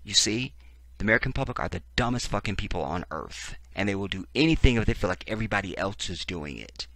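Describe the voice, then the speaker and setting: A man's voice: on the low side, animated, fast talker, a bit bright, dry recording. A man hosting a profane, sarcastic political commentary, reading text aloud and breaking in with heated reactions. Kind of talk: ranting video commentary.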